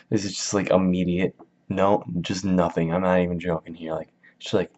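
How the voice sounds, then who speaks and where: A man's voice: deep voice, flat delivery, unhurried, a little mellow. A man giving a casual book summary in a slangy, rambling, jokey way, in a dull lo-fi recording. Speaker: video host.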